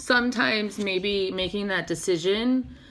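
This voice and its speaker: A woman's voice: medium pitch, measured pace, a bit bright. A woman doing a casual, chatty tarot reading, laughing often and swearing casually. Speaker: tarot reader.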